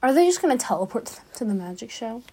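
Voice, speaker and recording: A woman's voice: on the high side, very animated, fast, warm tone, breathy edge. A woman chatting casually as she plays a game, reading its lines aloud and reacting along the way. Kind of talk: gameplay commentary.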